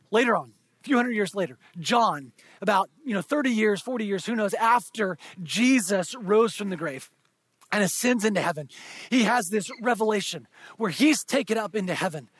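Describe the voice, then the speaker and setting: A man preaching a sermon, moving between hushed, intimate asides and shouted, stretched-out emphasis. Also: high voice, breathy edge, no echo. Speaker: pastor.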